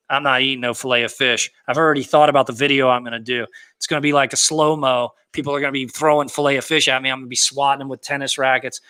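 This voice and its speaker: A man's voice: medium pitch, sharp tone, clear, resonant tone. A man hosting a casual livestream, hyped and boastful, talking in slang and answering viewer comments.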